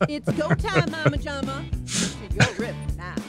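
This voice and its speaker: Perky game-show host, high and sing-song, drawn-out teasing lines, game music behind. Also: female voice, big pitch swings. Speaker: game announcer.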